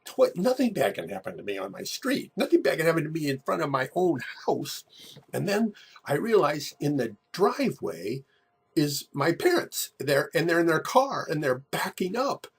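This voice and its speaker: Gravelly man telling a halting story. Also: a little high, big pitch swings. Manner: halting, repeats words, many restarts. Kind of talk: personal story told over photos.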